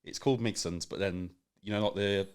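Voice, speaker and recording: A man's voice: low-pitched, steady tone, a little fast, darkish tone, clear, resonant tone. A man with a Birmingham accent, a podcast guest in casual, sweary banter. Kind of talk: casual chat.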